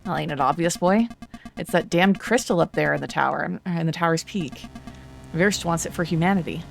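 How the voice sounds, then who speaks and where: A woman voicing a gruff, skeptical older village man who speaks in a blunt, folksy way. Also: lowish voice, moderate pace, faint music behind. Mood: scornful. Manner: folksy, blunt dialect speech.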